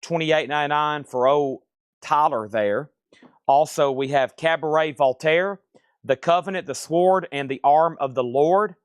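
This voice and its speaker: A man hosting a live record sale, rattling off items and prices in a casual, brisk way. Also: a little high, clean tone, no room sound, studio quality. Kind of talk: livestream sales pitch.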